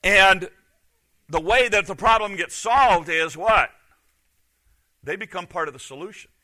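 A middle-aged man, a pastor, preaching a sermon with emphatic rhetorical questions that swing from loud to hushed. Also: sits high, unhurried.

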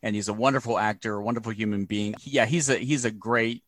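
A man's voice: on the low side, steady tone, fast talker, fairly bright tone, no room sound, studio quality. A man hosting a casual podcast chat, talking emphatically and lecturing in lists of points. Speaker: podcast host.

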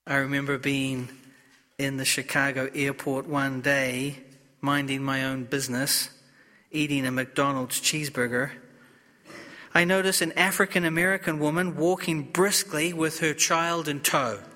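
A male priest reading the Gospel and preaching in a slow, solemn, deliberate way. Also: mid-range voice, steady tone, bright, forceful tone, big-room sound.

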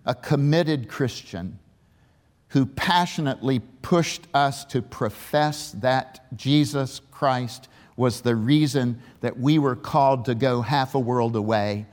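Preaching in a large church sanctuary, this man speaks slowly with a medium-pitched, somewhat dark voice. He tells a story during his sermon and presses the congregation with emphatic questions, all captured in a reverberant hall.

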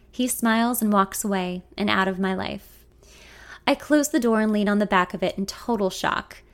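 A woman reading a first-person story in a confiding, introspective way. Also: medium pitch. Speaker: narrator.

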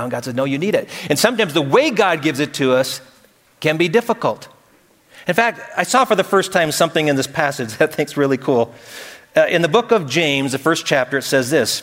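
A pastor delivering a sermon, a man with a somewhat raised pitch. He preaches earnestly, pressing his points with rising emphasis and the odd light joke. His voice carries a long reverb, as if filling a large hall. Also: fairly bright tone.

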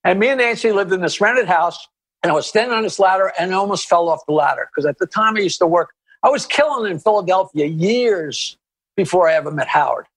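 A male comedian, an interview guest, telling stories in an animated, rambling way with many restarts and asides. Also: sits high, brisk. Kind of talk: anecdotal storytelling in an interview.

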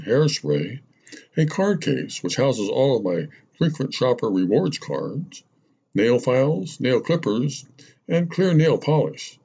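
Man reading as a chatty middle-aged lady, lively husky delivery, rambling list. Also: mid-range voice, full character voice. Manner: rambling, breathless list-making. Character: chatty middle-aged woman listing her purse contents. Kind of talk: storytelling narration.

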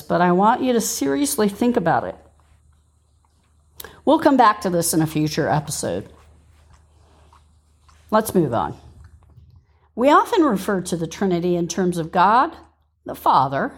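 A woman hosting a podcast and teaching scripture in an earnest way, reading verses aloud and stopping to give reference numbers. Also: mid-range voice.

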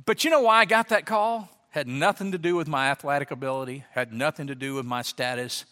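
A man's voice: on the high side, fairly quick. A middle-aged man preaching a sermon, telling a story and acting out the voices in it. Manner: animated, acts out voices in anecdotes. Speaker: pastor. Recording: long hall reverb.

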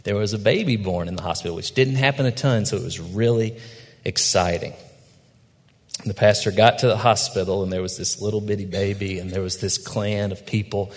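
Low-voiced pastor in a reverberant hall. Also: male voice, brisk. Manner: storytelling with acted quotes, reflective and gentle. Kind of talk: sermon.

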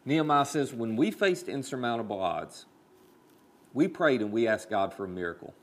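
A male pastor delivers a sermon in an animated storytelling manner. His pitch sits in a middle range but swings widely as he builds toward big points. He speaks directly to his listeners and makes the story feel personal. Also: moderate pace.

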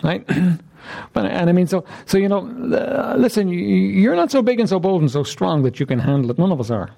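A man's voice: high voice, lively intonation, moderate pace, vocal fry, warm tone. A man preaching an interactive sermon, repeatedly questioning his listeners with emphasis.

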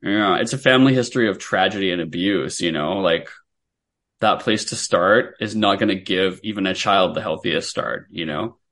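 A man's voice: sits low, normal speed, fairly bright tone. A man co-hosting a podcast, talking about a book in a wry, rambling way and swearing casually. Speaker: podcast co-host.

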